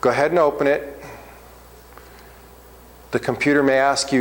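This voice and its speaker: A male instructor at a middle pitch explains steps to his class in a relaxed, conversational way, stopping often to check that everyone follows. His voice carries a long reverb from the classroom around him. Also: normal speed, pauses often. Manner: casual, checks in often with "okay?". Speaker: accounting instructor. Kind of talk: classroom walkthrough.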